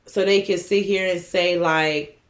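A young woman co-hosting a casual podcast, animated and rambling in quick bursts. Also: lowish voice. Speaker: podcast co-host. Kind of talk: casual chat. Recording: echoey room with faint noise.

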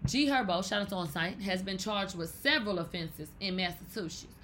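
Woman, podcast host, bright and forceful tone, loose profane commentary with sudden loud outbursts. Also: mid-range voice, brisk, a little hiss or hum. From Texas. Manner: animated, profane, bursts into loud exclamations. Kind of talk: casual commentary.

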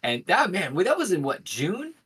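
A man co-hosting a podcast in casual chat, telling stories animatedly and slipping into quiet deadpan asides. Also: high voice, normal speed, husky, rough recording. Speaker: podcast co-host.

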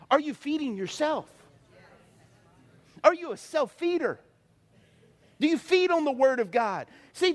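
Preacher guy, really high voice, acts out bits and calls to the crowd. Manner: animated preaching with acted-out voices and call-and-response. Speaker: pastor. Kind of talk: sermon.

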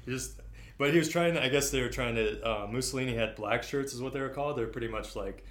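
A man's voice: medium pitch, fast, echoey room. A man co-hosting a casual comedic podcast, talking in a laid-back, agreeable way. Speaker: podcast co-host.

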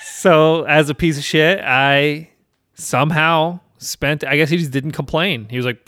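A man's voice: a little high, normal speed, fairly bright tone, clear, resonant tone, no room sound, clean studio sound. A man in his thirties from South Carolina, hosting a casual chat and telling a rambling, profane story with self-deprecating laughs.

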